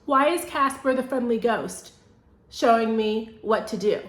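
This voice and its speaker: A woman talking casually in a home vlog, chatty and excitable, rambling along with little laughs. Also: on the high side, a little slow, reverberant. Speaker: home decor vlogger. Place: at home indoors.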